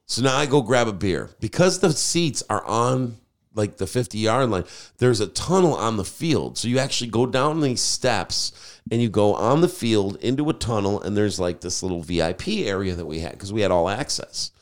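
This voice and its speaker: A man, a podcast host and DJ, telling a story in casual chat, animated and swearing freely. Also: fairly low pitch, normal speed.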